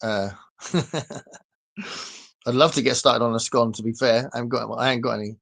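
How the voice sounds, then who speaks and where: A man's voice: medium pitch, little pitch movement, moderate pace, gravelly, fairly bright tone. Chatty man with a southern English accent. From southern England. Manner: chatty, rambling, answers viewer comments, laughs often. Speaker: livestream host reading comments. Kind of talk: casual chat.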